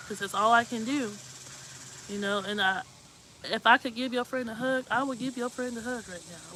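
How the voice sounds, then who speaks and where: Speaking at a moderate pace, this talk show host has a slightly high, bright, forceful voice, captured on a rough recording with slight background noise. She gives heartfelt advice live, earnest and emotional, often checking if you know what she means.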